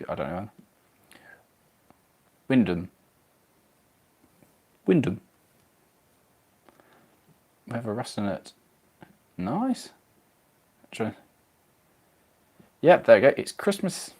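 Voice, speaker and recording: A man's voice: medium pitch, darkish tone, breathy edge. A man from England hosting a casual live stream, chatting and reading out viewer comments while building a model railway. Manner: chatty, reads viewer comments aloud, self-deprecating.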